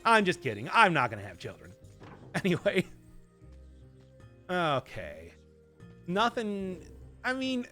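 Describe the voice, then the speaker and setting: A man's voice: sits high, huge pitch swings, takes it slowly, long pauses, bright, forceful tone, soft background music. A young man from Wisconsin with a Midwestern accent, chatting and laughing through live game commentary with odd emphasis on words. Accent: Midwestern American. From Wisconsin, USA. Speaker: game streamer.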